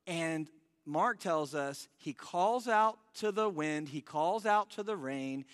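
Brief: high, bright-voiced male pastor, lively sermon delivery, long hall reverb. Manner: animated, acts out the disciples' panicked voices.

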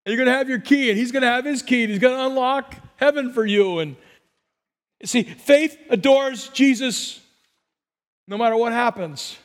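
A man preaching a sermon as pastor, telling stories and acting out voices, swinging between soft and loud. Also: very high voice, moderate pace. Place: church sanctuary. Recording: long reverb of a large hall.

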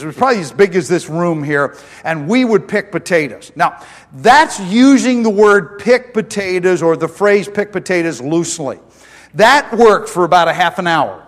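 High-voiced folksy preacher in a reverberant hall. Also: male voice. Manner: folksy storytelling preacher, asks the congregation questions. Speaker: pastor. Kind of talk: sermon. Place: church sanctuary.

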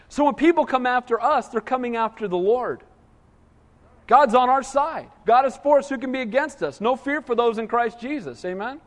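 A man preaching a sermon in a church, animated, with frequent call-and-response. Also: very high voice, fairly quick. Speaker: pastor. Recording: long hall reverb.

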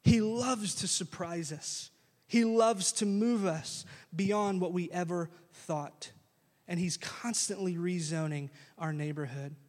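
A man preaching a sermon, retelling a story in lively modern slang and acting out the characters as a pastor. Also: high-pitched, slow. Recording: long reverb of a large hall.

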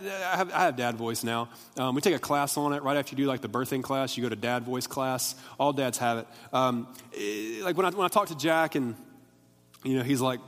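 A young man preaching a casual, conversational sermon in a church, often restarting his sentences and acting out the voices of the people in his stories. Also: fairly high pitch. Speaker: pastor. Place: church worship hall. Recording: long hall reverb.

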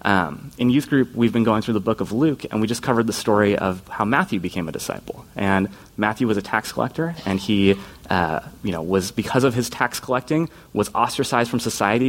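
A man preaching a conversational sermon as a youth pastor, earnest and informal, often slipping into quoted voices. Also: fairly low pitch.

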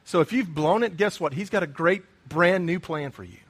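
A man's voice: high voice, normal speed, husky. A middle-aged man preaching a sermon, earnest and emphatic, often repeating his key phrases. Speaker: pastor.

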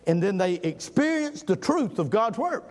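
A man preaching a folksy sermon, swinging from loud emphatic lines to low murmurs. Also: big pitch swings, moderate pace.

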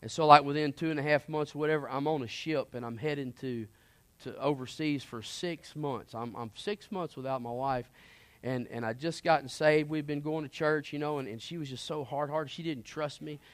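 A man preaching and telling his personal testimony, earnest and impassioned, swinging between hushed moments and emphatic ones. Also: on the high side, normal speed, no echo.

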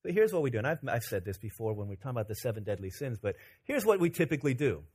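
A man preaching a sermon as pastor, telling stories in an animated, joking way. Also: medium pitch, rapid-fire, breathy edge.

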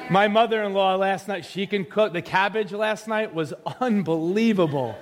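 A man's voice: high voice, normal speed, few pauses, in a large hall, a faint crowd. A male pastor preaching a sermon in a casual, joking way, teasing his congregation from the pulpit. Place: church sanctuary.

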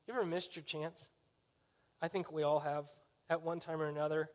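A pastor preaching a sermon in a conversational storytelling way, often asking the listeners questions. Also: male voice, fairly high pitch, level tone, moderate pace.

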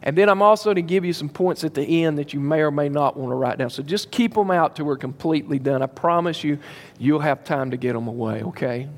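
A man preaches to his congregation with a somewhat high-pitched voice. He leans hard on his points and repeats them for weight. His voice echoes with the long reverb of a large church hall. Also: brisk. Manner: emphatic, repeats key phrases, addresses the congregation directly. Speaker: pastor. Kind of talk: sermon.

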